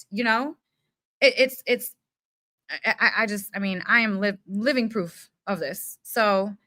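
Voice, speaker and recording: A young woman giving an unfiltered spiritual pep talk in casual slang, emphatic and animated, with mild swearing. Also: medium pitch, no room sound, studio quality. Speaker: spiritual self-help speaker. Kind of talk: unfiltered motivational rant.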